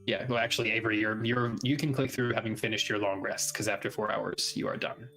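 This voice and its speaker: A man running a tabletop game as game master, pausing to check rules and then narrating a night scene slowly and atmospherically. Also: fairly low pitch, steady tone, sharp tone, faint music behind, poor audio.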